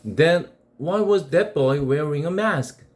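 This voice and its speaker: A man's voice: a little high, animated, takes it slowly, a little mellow, voice pushed up. Man doing a curious little boy. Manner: questioning, eager.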